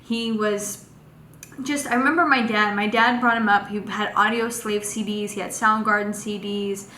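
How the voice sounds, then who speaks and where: A young woman casually telling a personal story in a vlog, animated and full of fillers. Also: medium pitch, moderate pace. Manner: animated, acts out quotes with lots of fillers. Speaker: vlogger. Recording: echoey room with faint noise.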